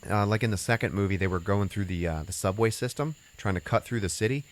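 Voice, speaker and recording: A man's voice: fairly low pitch, fast. A man hosting a podcast, casually recapping a movie plot in a rambling way, full of "you know" and "uh" and loose swearing. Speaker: podcast host.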